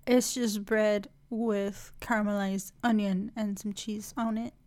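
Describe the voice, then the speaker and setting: Female co-host, mid-pitched, relaxed and playful in casual banter. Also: a little slow. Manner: easygoing, laughs along, playful. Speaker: podcast co-host. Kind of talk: casual chat.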